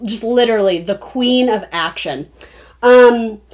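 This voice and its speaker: Chatty, rambling higher-voiced woman tarot reader. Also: a little slow, darkish tone. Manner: rambling, chatty, self-interrupting. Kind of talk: casual spoken tarot reading.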